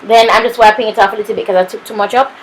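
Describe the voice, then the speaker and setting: A woman's voice: medium pitch, fairly even intonation, racing, slight background noise, rough recording. Sassy Jamaican woman doing makeup voice-over. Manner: sassy, playful asides calling viewers honey and papito. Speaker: makeup artist.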